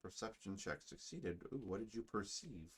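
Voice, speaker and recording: Lively low-voiced man playing a game. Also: normal speed, slightly rough. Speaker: gamer reading and playing a story game. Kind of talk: casual let's-play commentary and reading dialogue.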